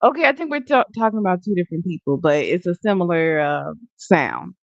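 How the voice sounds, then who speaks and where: Low-voiced woman co-host, dull lo-fi sound. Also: lively intonation, a little fast, gravelly, no room sound. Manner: brief agreeing replies. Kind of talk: casual chat.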